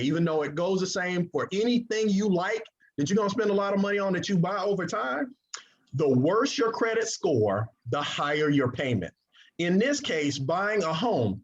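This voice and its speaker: A man giving an energetic sales presentation, drawing call-and-response from his audience. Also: sits high, fairly quick. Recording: dull lo-fi recording.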